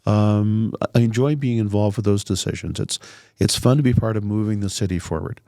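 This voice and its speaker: A middle-aged man with a dry, raspy voice, a city councillor chatting casually and joking on a podcast. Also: lowish voice, brisk, dark tone, dry recording. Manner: easygoing, joking, talks in loose rambling phrases.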